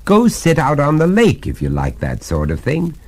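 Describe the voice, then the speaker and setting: A man playing an indignant, formal gentleman householder who speaks pompously and with exasperation on a story record. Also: fairly high pitch, huge pitch swings, moderate pace, voice pushed up, full character voice. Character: indignant, proper old-fashioned English gentleman householder.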